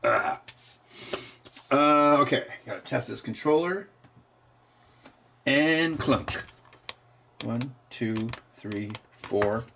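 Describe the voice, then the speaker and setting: A man's voice: mid-range voice, expressive, very slow, vocal fry, pauses often, fairly bright tone, a little hiss or hum. A man hosting a live stream, chatting casually and wryly while tinkering and testing gear. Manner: wry, offhand, laughs at his own jokes.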